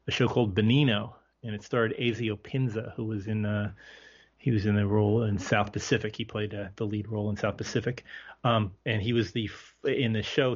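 A man guesting on a casual film podcast, talking in halting bursts with many restarts. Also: fairly low pitch. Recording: dull lo-fi audio.

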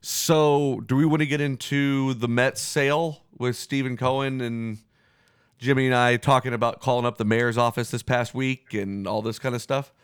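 A man's voice: mid-range voice, fairly even intonation, normal speed, clear, resonant tone, dry recording, studio quality. A man hosting a sports podcast, bantering bluntly and swearing freely in casual talk. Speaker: podcast host.

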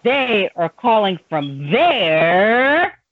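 A woman's voice: mid-range voice, big pitch swings, extremely slow. An older woman with grandchildren, co-hosting a community radio talk show in a chatty, joking way. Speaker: co-host and executive producer. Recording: dull lo-fi radio audio.

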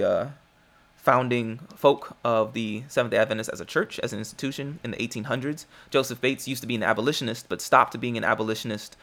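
A man hosting a podcast, talking in a deliberate, emphatic way, with frequent ums and rhetorical questions. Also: on the low side, vocal fry, fairly bright tone. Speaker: podcast host. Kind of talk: spoken commentary on faith and justice.

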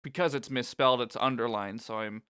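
A man chatting casually on a podcast, joking his way through a game's story. His voice sits in an everyday middle pitch. He laughs easily and keeps a loose, relaxed flow. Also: fairly quick, clean tone. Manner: joking, laughs often, reads lines aloud. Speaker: podcast co-host recapping a video game. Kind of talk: casual chat.

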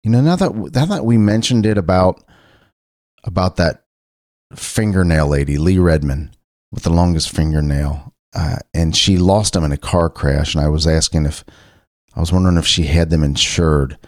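Low-voiced guy from ohio rambling through a solo chat show, dry close sound. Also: normal speed, a little mellow, dry recording. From Cincinnati, Ohio. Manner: rambling, loose and conversational, with frequent restarts. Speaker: podcast host.

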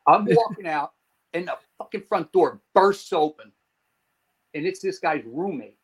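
A man from New Jersey, a podcast guest, telling a story in a lively way, swearing and acting out scenes. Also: high voice, poor audio. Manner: animated, swearing, acts out scenes. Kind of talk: profane comic storytelling.

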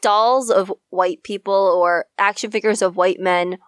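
A woman's voice: mid-range voice, steady tone, unhurried, clear, resonant tone, no room sound, clean studio sound. Earnest, opinionated young woman co-host. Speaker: podcast co-host. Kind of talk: casual chat.

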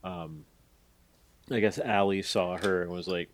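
A man's voice: low voice, steady tone, measured pace. A man co-hosting a podcast, recapping a story in a rambling, hedging way with lots of fillers. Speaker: podcast co-host. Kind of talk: casual podcast chat.

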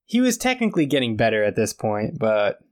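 A man's voice: medium pitch, wildly swooping pitch, fairly quick. A man in the middle of his register chats loosely on a podcast. He retells the action scene by scene, dropping in quoted lines and plenty of "like" fillers. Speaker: podcast co-host. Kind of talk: casual recap chat.

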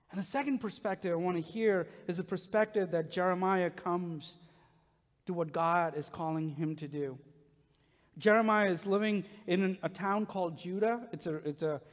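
A middle-aged man, a pastor, preaching a sermon with animated, humorous personal stories to his congregation in a church. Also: sits high. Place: church sanctuary. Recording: long reverb of a large hall.

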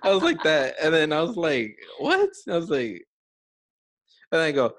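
A man's voice: a little high, lively intonation, normal speed, a bit bright, no echo. A young man hosting a casual conversation, chatty with many fillers and frequent laughter.

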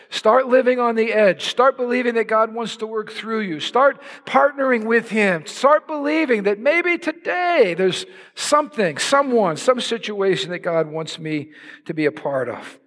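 Brief: male preacher, impassioned, raises to shouts, big reverberant church sound. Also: high voice, lively intonation, moderate pace. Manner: impassioned, builds to shouts for emphasis. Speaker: pastor. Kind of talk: sermon. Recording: long hall reverb.

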